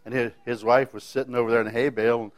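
A man's voice: mid-range voice, flat delivery, quick pace. A man telling a personal faith testimony in a folksy, rambling way, often restarting his sentences. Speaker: speaker sharing a faith testimony.

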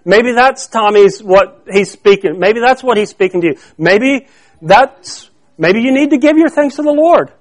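High-voiced man preaching conversationally. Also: lively intonation, measured pace. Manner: conversational preaching, quizzes the congregation to fill in words; repeats and restarts phrases. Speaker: pastor. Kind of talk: sermon.

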